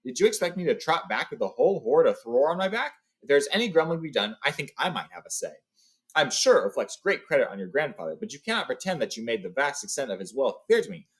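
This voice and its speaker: A man's voice: mid-range voice, big pitch swings, fast talker, slightly rough. A man voicing a small, clever male hobbit burglar who speaks politely and in riddles. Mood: indignant.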